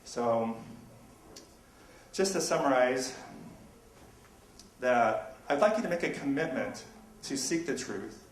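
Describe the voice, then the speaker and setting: A man makes his debate case in a brisk, argumentative way. His voice sits in the middle range and sounds far from the mic, echoing in a roomy hall. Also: mid-range voice, expressive, slight background noise. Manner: argumentative, brisk rhetorical back-and-forth. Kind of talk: public debate presentation. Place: university lecture room. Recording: echoey room recorded from afar.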